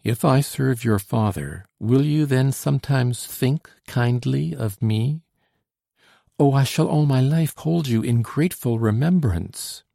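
A man's voice: mid-range voice, slow pace, vocal fry, few pauses, mellow, no echo, studio quality, voice pushed up. A man voicing an anxious, devoted young woman in an audiobook, eager and pleading. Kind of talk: audiobook character reading.

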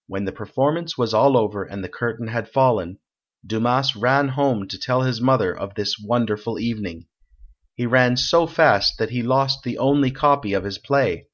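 Male storybook narrator, steady and measured, mid pitch, muffled lo-fi sound. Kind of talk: read-aloud story narration. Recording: dull lo-fi recording.

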